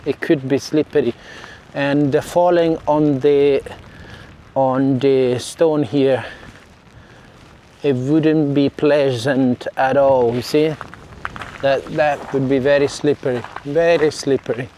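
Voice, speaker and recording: An Italian-accented vlogger strolls past a seaside village harbour and beach, talking casually to his viewers and often apologising or correcting himself. He speaks slowly in a mellow, medium-pitched voice with fairly even intonation; a clip mic under his jacket catches slight background noise.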